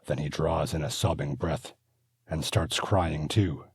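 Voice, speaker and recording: A man narrating his own fantasy audiobook in a steady, measured manner. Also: very deep voice, slightly rough. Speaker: author and narrator.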